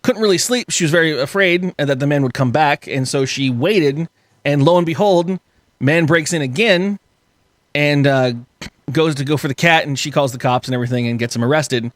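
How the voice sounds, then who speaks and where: A man hosting a podcast, telling a story in an animated, laughing way with casual swearing. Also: fairly high pitch, normal speed, no echo, studio quality. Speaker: podcast host.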